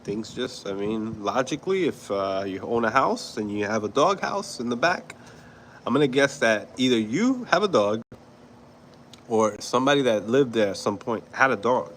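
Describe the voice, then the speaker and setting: A man's voice: medium pitch, animated, normal speed, fairly bright tone, slight background noise, poor audio. A man from New York hosting a livestream, chatting casually with viewers, swearing, laughing and rambling. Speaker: livestream host. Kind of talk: casual commentary with chat.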